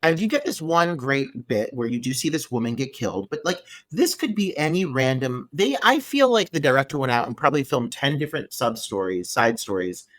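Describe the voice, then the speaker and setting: A man co-hosting a podcast, chatting casually about a film, animated and swearing freely as he lays out his gripes. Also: medium pitch, brisk, hardly any pauses, dry recording. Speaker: podcast co-host. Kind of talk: casual film review chat.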